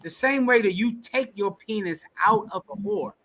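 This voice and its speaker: A man preaching Bible commentary in a blunt, emphatic way, hammering each point through repetition. His voice sits high for a man and rings bright and forceful. He leads the class like a teacher. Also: moderate pace. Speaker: teacher leading a scripture class.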